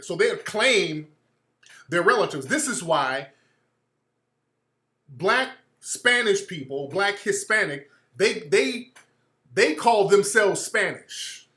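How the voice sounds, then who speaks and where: High, bright-voiced male talk radio host. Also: lively intonation, slow, pauses often, echoey room. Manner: blunt and profane, repeats and restarts phrases; acts out quoted people in mocking voices. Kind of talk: opinionated talk radio monologue.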